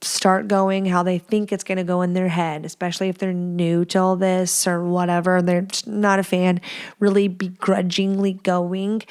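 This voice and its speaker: A woman's voice: on the low side, flat delivery, moderate pace, a little mellow. A woman in her thirties hosting a podcast, giving candid advice in a frank, blunt way, swearing freely and acting out the people she quotes. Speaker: podcast host.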